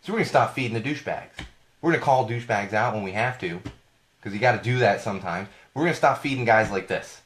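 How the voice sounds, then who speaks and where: Hoarse, animated male podcast host. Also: fairly low pitch, fast talker. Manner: rambling, indignant, self-correcting. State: losing his voice, hoarse. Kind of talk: casual live podcast rant.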